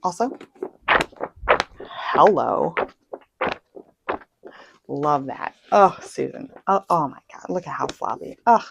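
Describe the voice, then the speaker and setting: A young woman chatting casually as a book vlogger, self-deprecating and full of quick asides. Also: deep voice, expressive, vocal fry, background noise. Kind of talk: casual chat. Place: home.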